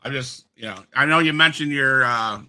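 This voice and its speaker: A man's voice: medium pitch, moderate pace, pushed and bright, low-quality recording. A man hosting a podcast interview, asking long rambling questions with many restarts. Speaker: podcast host. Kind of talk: interview conversation.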